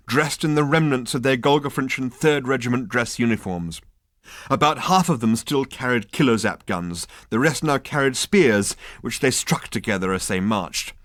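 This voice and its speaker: British male narrator, wry and animated, close dry mic. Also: mid-range voice, no echo. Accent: British English. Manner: dry, lively comic narration. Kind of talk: audiobook reading.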